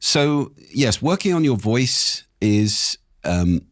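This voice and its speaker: A man, a speaking expert and podcast guest, explaining things in a measured way with examples, his voice a little croaky. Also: mid-range voice, sing-song, no room sound, clean studio sound. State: slightly croaky. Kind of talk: explanatory interview talk. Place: podcast studio.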